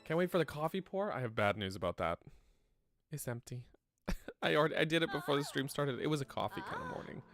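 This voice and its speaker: Canadian guy streaming a game, chats and laughs a lot, lively up and down voice, faint music behind. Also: a little high, fast talker, creaky. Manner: chatty, laughs often, reads chat aloud. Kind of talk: casual gameplay stream chat.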